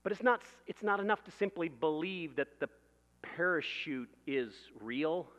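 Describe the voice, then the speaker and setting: A man's voice: on the high side, lively intonation, unhurried, fairly bright tone, in a large hall, highs cut off. A man preaching a sermon in a conversational way, building vivid everyday illustrations and laughing at his own jokes.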